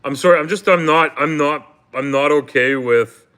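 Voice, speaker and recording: A Canadian man from Toronto hosting a casual livestream, talking in halting, rambling bursts full of ums and restarts and swearing bluntly now and then. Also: a little high, bright, forceful tone, smooth. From Canada, grew up in Toronto. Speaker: livestream host. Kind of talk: casual livestream chat with viewers.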